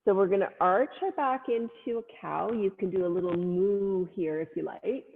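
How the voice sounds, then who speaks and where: A woman leading a family yoga class, cueing poses gently and playfully with little animal sounds. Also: mid-range voice, normal speed, gravelly. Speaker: yoga instructor. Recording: phone-like sound in a long-echo room.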